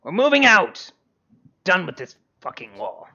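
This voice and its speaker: A man voicing a gruff, suspicious female leader of a frost giant band, blunt and curt. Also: medium pitch, big pitch swings, takes it slowly, sharp tone, muffled recording, exaggerated voice. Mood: shouting.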